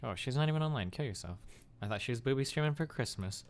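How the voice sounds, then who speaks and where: A man's voice: medium pitch, animated, quick pace. A man streaming live, chatting offhand and crudely while reacting to clips and fighting his computer. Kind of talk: casual livestream chat.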